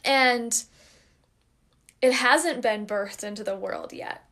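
Young woman doing a solo podcast, kinda high voice, earnest and encouraging, talks right to you. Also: slow pace, sharp tone. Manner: earnest, open and encouraging, addresses listeners directly. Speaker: podcast host and wellness coach. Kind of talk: heartfelt solo podcast talk.

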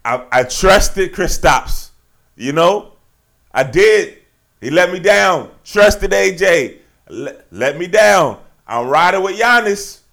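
Animated, gravelly-voiced man ranting. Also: high voice. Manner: slangy, animated ranting with frequent asides. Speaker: podcast host. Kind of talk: solo sports podcast monologue.

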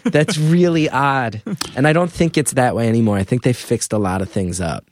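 A man, a comedian guest, telling candid stories in a rambling way, full of "like" and animated retellings. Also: on the low side, quick pace, no room sound. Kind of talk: candid storytelling.

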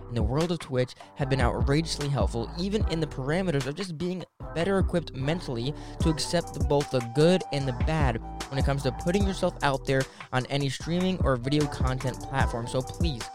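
A young man hosting a new podcast, chatting casually and excitedly, cursing and using lots of fillers. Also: on the high side, a little fast, few pauses, over music. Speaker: podcast host.

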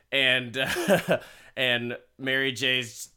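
A man's voice: medium pitch, animated, takes it slowly, pushed and bright. A man casually retelling a story for laughs, laughing often, swearing and rambling into asides. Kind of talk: casual comedic story recap.

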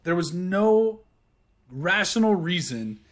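A man co-hosting a casual podcast chat, joking, swearing and talking with animated energy. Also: sits high, slow pace. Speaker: podcast co-host.

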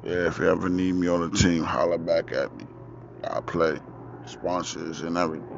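A man's voice: low voice, moderate pace, gravelly. A young man hosting his own podcast, telling a story in casual street slang, outdoors with four-wheelers passing. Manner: animated, profane, street slang. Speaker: podcast host. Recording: dull lo-fi, faint outdoor vehicle noise.

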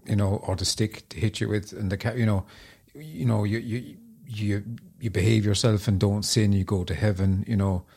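A man with a low voice asks his guest questions in a casual, hesitant way, often repeating words as he gropes for them. His voice is gravelly with a husky edge. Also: normal speed, hardly any pauses, warm tone. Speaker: interviewer.

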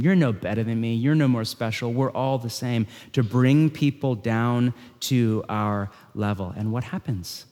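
A man preaching a sermon in a conversational style, swinging between loud emphasis and hushed lines. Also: mid-range voice. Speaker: pastor. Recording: long hall reverb.

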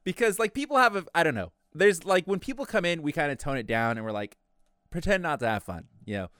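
A man's voice: on the high side, very animated, fast talker, fairly bright tone, smooth, no room sound, clean studio sound. A young man chatting casually on a podcast, telling a long workplace story and acting out his coworkers as he goes. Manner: rambling storyteller, acts out quoted coworkers. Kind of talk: casual chat.

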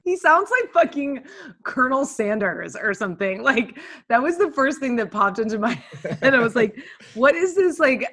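A woman's voice: a little high, big pitch swings, normal speed, sharp tone. A woman co-hosting a podcast, chatting about films in a breezy manner, often laughing. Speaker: podcast co-host. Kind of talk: casual film chat.

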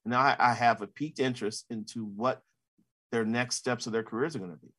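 A man's voice: mid-range voice, fast, fairly bright tone. A man in his fifties, a sportswriter, answering interview questions in a casual, rambling way full of "you know" fillers.

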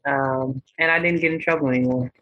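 A woman with a bright, slightly husky voice chats on a podcast as a guest. She tells stories with flair and acts out the voices of the people in them. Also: a bass voice, a little fast, lo-fi sound. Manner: animated storyteller, acts out voices in her stories. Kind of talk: casual podcast chat, storytelling.

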